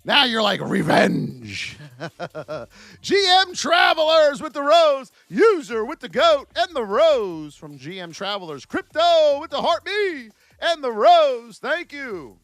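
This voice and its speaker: A man hosting a live stock trading stream, giving market commentary and shouting out chat names in an animated, sing-song way. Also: extremely high pitch, takes it slowly, no room sound. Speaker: stock trading livestream host.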